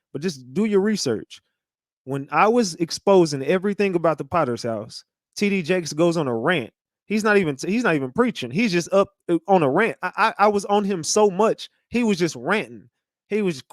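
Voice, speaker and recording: A man hosting a livestream in a slangy, conspiratorial ramble that keeps doubling back on itself. His voice sits a little high for a man. The sound is dry and close, with no room around it. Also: no room sound. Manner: slangy and conspiratorial, repeats himself, talks to chat. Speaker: livestream host. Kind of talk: casual livestream commentary.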